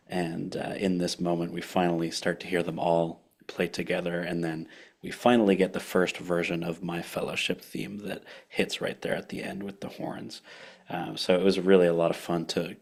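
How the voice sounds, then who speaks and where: Low-voiced man explaining his music. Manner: relaxed, explanatory, with many fillers. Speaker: soundscape composer. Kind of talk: casual group chat.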